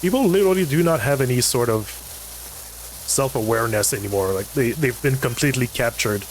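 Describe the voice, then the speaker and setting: A man's voice: medium pitch, lively intonation, fairly quick, a little hiss or hum, rough recording. A man, ranting on a casual livestream with lots of swearing and fillers. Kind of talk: casual chat while gaming.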